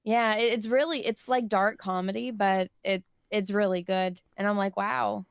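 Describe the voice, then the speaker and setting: A woman's voice: mid-range voice, normal speed, creaky, clear, resonant tone, dry recording, studio quality. A young woman who grew up on a ranch, a podcast guest chatting casually and giggling easily. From rural ranch upbringing. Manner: relaxed, chatty, giggles often.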